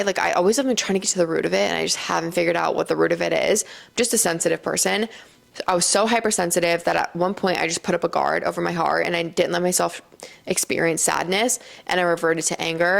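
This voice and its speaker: A young woman speaks straight to her audience in a chatty, earnest vlog, her fairly low voice often dropping into a gravelly fry. She strings her thoughts together loosely, leaning on filler words as she reflects. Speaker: lifestyle vlogger. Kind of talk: casual reflective talk to camera.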